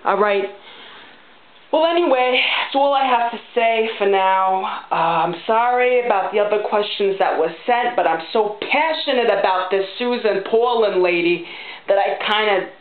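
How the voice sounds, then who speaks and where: A woman's voice: mid-range voice, moderate pace, lightly acted. A woman voicing a brash, foul-mouthed, chain-smoking middle-aged mother, ranting bluntly and punctuating her points with "okay?". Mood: indignant rant. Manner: blunt, ranting, profane, keeps saying okay. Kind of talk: character vlog monologue. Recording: tinny phone-like sound in an echoey room.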